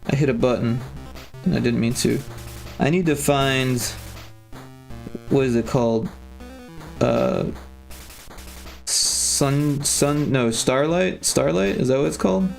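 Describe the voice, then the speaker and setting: A man's voice: medium pitch, slow pace, creaky, long pauses, a little mellow, soft background music. A man streaming his game development, chatting casually and thinking aloud with lots of fillers. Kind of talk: casual livestream chat.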